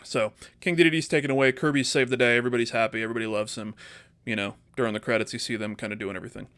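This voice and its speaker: Animated man pitching a movie story. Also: rapid-fire, smooth. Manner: animated storytelling, acts out character lines. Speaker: podcast co-host. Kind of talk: casual comedic pitch chat.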